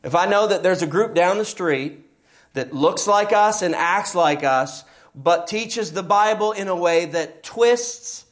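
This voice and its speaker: Middle-aged pastor guy preaching, bit higher voice, gets emphatic and tells stories. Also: fairly bright tone. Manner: storytelling, emphatic with rising passages. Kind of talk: sermon.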